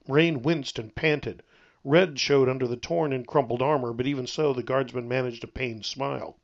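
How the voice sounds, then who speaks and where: A man narrating his own novel aloud in a steady, even storytelling read. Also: mid-range voice, moderate pace, gravelly, highs cut off.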